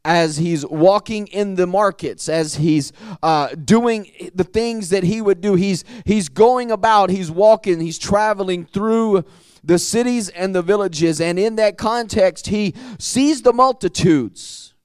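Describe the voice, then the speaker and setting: A man preaching a sermon in a high, smooth, resonant voice. He drags out key words and repeats himself as the passion builds. The sound is close and dry. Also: darkish tone, dry recording. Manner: impassioned preaching, drawn-out emphatic phrases, repeats words. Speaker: pastor. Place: church sanctuary.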